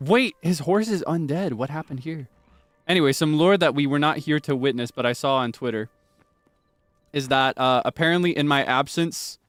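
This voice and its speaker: A man streaming live gameplay commentary, excitable and chatty, laughing often and swinging between hushed asides and high squeals of delight. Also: no echo.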